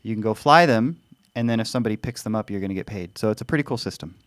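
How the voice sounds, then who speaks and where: A man's voice: on the low side, racing, clear, resonant tone, no room sound. A man co-hosting a podcast, easygoing and dry-humored in casual chat. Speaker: podcast co-host.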